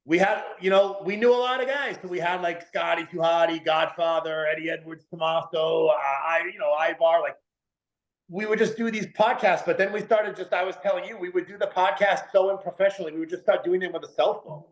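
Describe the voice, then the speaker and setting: A man's voice: high-pitched, steady tone, a little fast. A man, talking casually as a podcast guest, rambling with lots of "like" and "dude". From New England. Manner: rambling, heavy use of "like" and "dude". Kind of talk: casual interview chat. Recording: echoey room.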